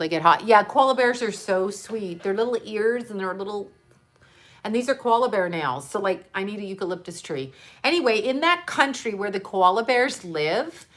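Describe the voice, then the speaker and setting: A woman talking casually to her livestream viewers. She rambles from one thing to the next with quick asides and frequent laughter, playful and animated throughout. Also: mid-range voice. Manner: playful and animated, jumping between topics. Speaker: livestream host reading viewer comments.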